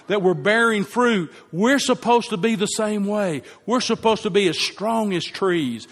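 A man's voice: high voice, fairly bright tone. A man preaching a sermon to a congregation, emphatic and repeating key phrases for effect. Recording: long hall reverb.

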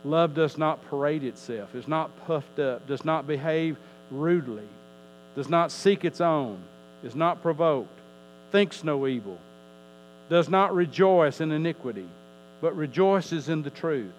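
A man's voice: fairly high pitch, lively intonation, unhurried, a little hiss or hum, poor audio. A male pastor preaching a sermon, emphatic, his voice rising and falling, often repeating words as he teaches.

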